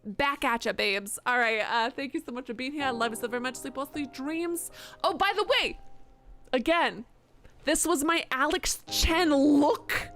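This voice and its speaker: A woman's voice: high-pitched, moderate pace, a bit bright. A young woman live streamer chatting casually at the end of a stream, rambling with lots of fillers and self-mocking asides. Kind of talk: casual stream sign-off chat. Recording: music playing behind.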